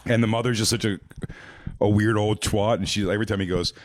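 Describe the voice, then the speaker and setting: A man with a fairly low voice spins loose, animated stories in casual podcast banter. He keeps slipping into shrill put-on voices for the people he describes. The sound is close and dry, with no room around it. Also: quick pace, no echo. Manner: animated storyteller, jumps into high squealing voices for the people he quotes. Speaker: podcast co-host.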